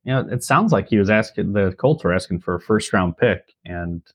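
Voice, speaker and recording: A man's voice: fairly low pitch, expressive, a little fast, no echo. A man co-hosting a casual podcast, making dry, wry remarks. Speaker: podcast co-host. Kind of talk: casual chat.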